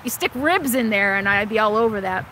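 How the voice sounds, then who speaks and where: A woman's voice: medium pitch, a little fast, sharp tone, slight background noise. A middle-aged woman hosting a casual live stream, chatting with viewers, thanking donors and answering questions with many fillers and restarts. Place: inside an RV or vehicle.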